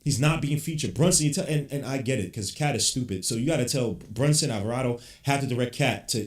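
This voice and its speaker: A man's voice: mid-range voice, fast, hardly any pauses. Man, podcast host, live game reaction, blunt, swearing, roomy echo. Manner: blunt, frustrated fan ranting, swears casually.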